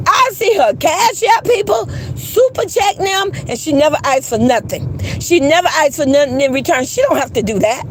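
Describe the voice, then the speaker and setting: A woman's voice: high voice, lively intonation, moderate pace, few pauses, a little hiss or hum. A woman hosting a casual livestream, blunt and profane, greeting her chat. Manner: blunt, profane, laughing, reads chat aloud. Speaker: livestream host.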